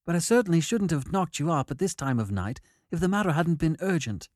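A jittery, peevish young gentleman, as a male reader puts him on, pitched noticeably above the reader's own voice. He sounds apologetic and hurried in a dry, close storybook reading. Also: expressive, no echo, close to an everyday voice. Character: nervous pale young English gentleman.

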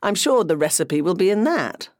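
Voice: mid-range voice, big pitch swings, normal speed, dry recording, clean studio sound, voice pushed up, natural voice. A narrator doing a teasing easygoing husband. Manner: teasing, casual British slang.

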